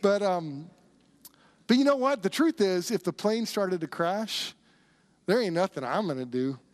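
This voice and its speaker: A man's voice: sits high, lively intonation, unhurried. A man preaching as a pastor in church, earnest and storytelling, often restarting his sentences. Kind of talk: sermon.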